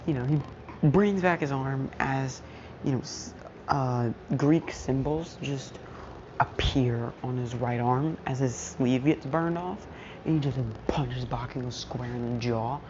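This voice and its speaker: A woman's voice: rumbling low, a little slow. A woman casually telling a fan story, slangy and self-mocking, often losing her train of thought. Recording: muffled lo-fi mic, steady background noise.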